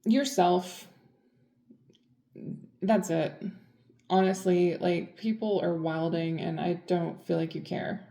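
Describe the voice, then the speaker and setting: A woman reads tarot in a loose, chatty way, blunt and full of filler words. Her voice is mellow and gravelly with fry. She sounds like she is in an echoey room. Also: fairly low pitch, little pitch movement, takes it slowly, pauses often. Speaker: tarot reader. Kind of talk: casual tarot reading.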